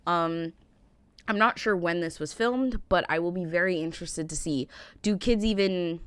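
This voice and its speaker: A woman's voice: lowish voice, moderate pace, smooth, no echo. An American woman hosting a reaction video, chatting casually with a rambling, giggly manner. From United States. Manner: chatty, rambling, laughs often. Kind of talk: casual chat.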